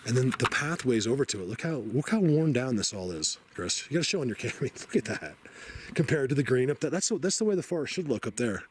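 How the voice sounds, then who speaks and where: A man filming a vlog in a forest, talking excitedly, stammering, and sometimes dropping to a whisper. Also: mid-range voice, fast, slight background noise. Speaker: Bigfoot hunter vlogger. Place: forest outdoors.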